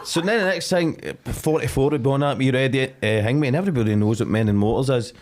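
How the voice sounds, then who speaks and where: A Scottish man with a mid-pitched voice, spinning long, sweary anecdotes in loose podcast chat. He rambles from one detail to the next. His tone stays casual and conversational. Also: quick pace, background noise. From Scotland. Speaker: podcast co-host. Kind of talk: casual storytelling banter.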